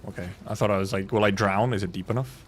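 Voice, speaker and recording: A young man streaming a video game, thinking out loud with playful, swearing, laughing casual commentary. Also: lowish voice, fast.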